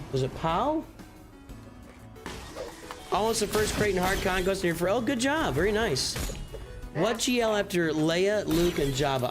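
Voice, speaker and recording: A man hosting a live stream, chatting casually and answering viewers' questions while he plays. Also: a little high. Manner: rambling, answers viewers' questions, off-hand asides. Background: music.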